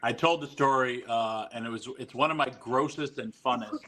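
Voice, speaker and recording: A man telling wild stories as a podcast guest, animated and swearing freely. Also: medium pitch, moderate pace, low-quality recording. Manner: animated, profane storyteller. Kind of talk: podcast storytelling.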